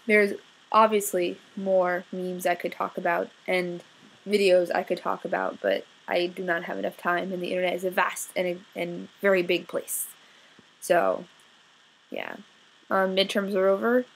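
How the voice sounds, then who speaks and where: Husky young woman rambling on a vlog. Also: fairly low pitch, expressive, unhurried, poor audio. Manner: rambling, sarcastic, blunt. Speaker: student vlogger.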